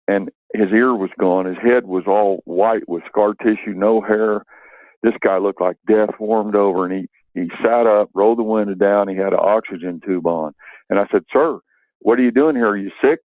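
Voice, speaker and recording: Older male guest on a tinny phone line, deep-voiced, halting, emotional storyteller. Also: no room sound. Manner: emotional, halting, with many fillers. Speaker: radio interview guest. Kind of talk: storytelling and poem reading over the phone. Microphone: telephone.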